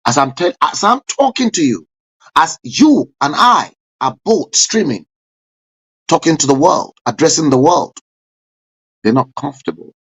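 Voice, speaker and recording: Man, talk-show host; fervent rally-style commentary, deliberate and husky. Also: fairly high pitch, big pitch swings. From Nigeria. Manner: fervent, declamatory, with sudden loud rising bursts. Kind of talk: impassioned political commentary.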